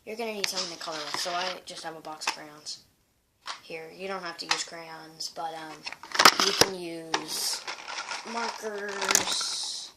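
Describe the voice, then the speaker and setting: A man's voice: a little high, measured pace. Guy chatting thru his homemade comics, lots of ums and restarts, hissy recording. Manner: rambling, with many fillers and restarts. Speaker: amateur comic strip creator. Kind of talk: casual show-and-tell reading of his own comics.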